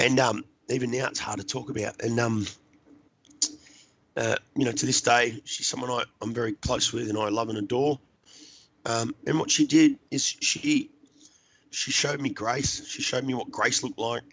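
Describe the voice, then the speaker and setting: Guest spot: middle-aged man, gravelly edge, sharp bright tone, earnest and halting. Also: medium pitch, steady tone, a little hiss or hum, low-quality recording. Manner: earnest, halting, repeats words while searching. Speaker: podcast guest. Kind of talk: personal recovery story.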